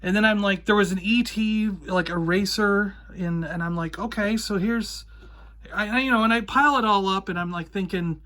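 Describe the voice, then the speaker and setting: A man hosting his own vlog, casually retelling a story in an animated way, acting out the voices of the people he quotes. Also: high voice, normal speed. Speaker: host. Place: indoors toy room.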